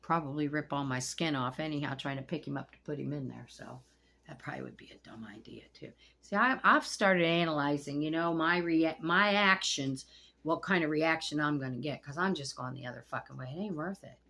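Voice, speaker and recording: A woman's voice: deep voice, brisk, sharp tone. A middle-aged woman venting at home in a casual vlog, blunt and profane, rambling from one gripe to the next. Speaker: vlogger. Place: at home among pet turtles.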